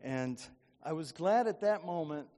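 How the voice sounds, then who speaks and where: A man's voice: on the high side, expressive, unhurried, warm tone. A man preaching a sermon as pastor, in a folksy, conversational way, often checking in with the congregation. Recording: long hall reverb.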